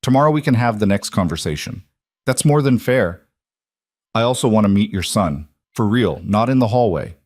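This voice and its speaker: A man's voice: fairly low pitch, expressive, moderate pace, a little mellow, no echo, studio quality. A man voicing a guarded, shaken young woman who breaks off and restarts her sentences. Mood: tentative.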